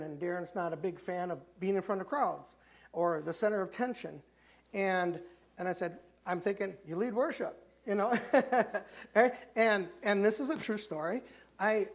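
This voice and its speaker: A man with a Midwestern American accent preaching a sermon as pastor in a church sanctuary, talking conversationally with many restarts. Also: sits high. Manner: conversational preaching, frequent restarts, voices the characters he retells.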